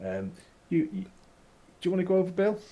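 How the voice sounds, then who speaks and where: Chatty game master, animated delivery. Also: male voice, high voice, fairly quick. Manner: chatty, descriptive, many fillers. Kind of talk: narrating a tabletop game.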